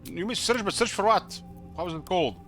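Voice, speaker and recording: A man's voice: sits high, fairly bright tone, faint music behind. A man streaming a video game live, chatting casually and rambling with lots of fillers. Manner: rambling, halting with many fillers. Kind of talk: casual live gaming commentary.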